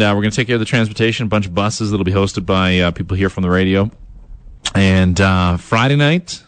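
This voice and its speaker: A man's voice: lowish voice, no room sound. Rambling, chatty male radio DJ. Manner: rambling, self-deprecating, hesitant with fillers. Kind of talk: casual radio banter. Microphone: studio mic.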